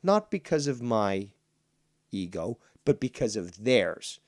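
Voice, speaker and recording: A man hosting a livestream and delivering an indignant, profane rant. He swears heavily, repeats lines for emphasis, and slows right down to hammer home key points. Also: on the low side, very animated. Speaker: livestream host reading viewer comments. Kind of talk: profane ranting monologue.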